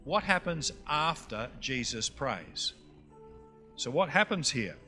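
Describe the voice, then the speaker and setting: A man's voice: mid-range voice, very animated, slow pace, bright, forceful tone. A man with a North Queensland Australian accent, preaching a teaching session and quizzing the audience with questions. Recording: long hall reverb, faint music.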